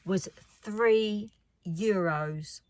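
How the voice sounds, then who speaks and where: Slow, soft-spoken woman. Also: mid-range voice, no room sound. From United Kingdom. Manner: chatty and rambling, often dropping to a near whisper. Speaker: craft vlogger. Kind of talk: casual haul chat.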